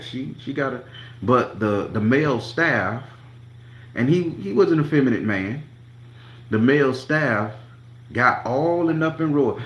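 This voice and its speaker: A man's voice: mid-range voice, expressive, unhurried, echoey room, muffled recording. A man telling a profane story to his channel, acting out each quote with emphasis. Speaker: tarot reader and channel host.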